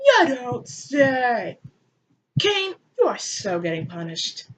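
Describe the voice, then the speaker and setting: A woman's voice: high-pitched, animated, fairly quick, fairly bright tone, pitched above the performer's own voice, poor audio. A woman voicing a bratty, petulant male God, snotty and sarcastic, in a comic retelling. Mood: snide.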